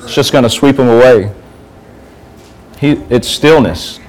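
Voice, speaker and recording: A man's voice: mid-range voice, a little slow, darkish tone, rough recording. A man giving an informal sermon to a youth group, talking conversationally and asking the group questions.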